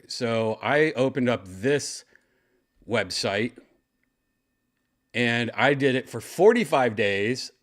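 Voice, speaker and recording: Low-voiced man telling a rambling story. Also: fairly bright tone. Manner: rambling, laid-back, full of restarts. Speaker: podcast host. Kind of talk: casual storytelling.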